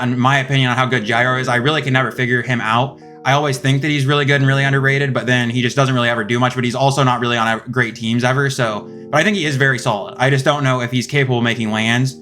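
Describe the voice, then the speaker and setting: A young man talks quickly through his rankings in a loose, rambling way, stopping to correct himself mid-thought. His pitch sits in the middle range for a man. Faint guitar music plays under his voice. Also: pushed and bright. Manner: rambling, thinks aloud with many self-corrections. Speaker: esports video host. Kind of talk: casual commentary ranking rosters.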